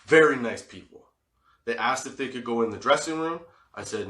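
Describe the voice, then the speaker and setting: Man, comedy podcast host, from Canada, storytelling, bright forceful voice, lots of swearing, laughs often, echoey room. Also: medium pitch, normal speed. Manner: animated, swearing, laughing often, acting out quotes.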